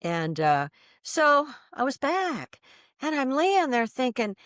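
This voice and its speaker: Expressive woman telling her story, dry sound. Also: sits high, slow pace, no room sound. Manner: expressive, many fillers and restarts, laughs mid-sentence. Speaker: podcast guest. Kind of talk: animated personal storytelling.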